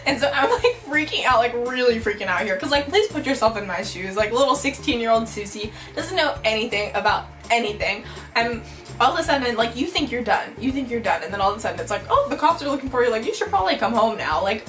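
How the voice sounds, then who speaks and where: A young woman telling a storytime vlog, bubbly and animated, saying "like" constantly. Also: a little high, quick pace, faint music behind, rough recording. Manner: bubbly, animated, heavy use of "like". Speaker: vlogger.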